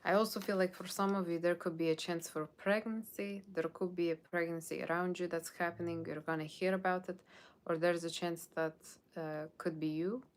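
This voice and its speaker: A tarot reader with a lowish voice speaks at a normal pace in a level tone during a live reading. She rambles chattily, peppering her talk with "okay?" and "like", and reads viewers' comments aloud, answering them in a playful put-on Halloween character voice.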